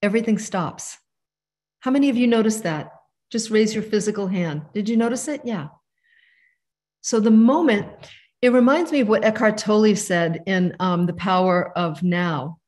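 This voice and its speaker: A woman in her fifties teaching a meditation lesson over a video call, gentle and conversational. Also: medium pitch, moderate pace. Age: 50s. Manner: warm, gentle, conversational with soft asides. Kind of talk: live online teaching.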